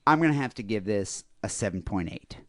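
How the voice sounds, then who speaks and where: A man's voice: lowish voice, lively intonation, brisk, a bit bright, no echo, clean studio sound. A man co-hosting a casual comedy podcast, rambling through a news story with lots of fillers and laughter. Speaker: podcast co-host.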